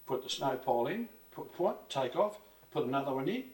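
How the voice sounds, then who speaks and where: With big pitch swings and a darkish tone, this older Australian man talks briskly in a medium register. He's reminiscing as a casual interview guest, rambling and earthy with restarts and light swearing, recorded roomy from a distance.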